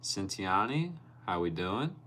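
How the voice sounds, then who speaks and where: Deep-voiced man chatting on a livestream. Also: takes it slowly, slight background noise. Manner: relaxed, laughs often, reads viewer names aloud. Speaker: livestream host reading chat. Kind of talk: casual live-stream chat.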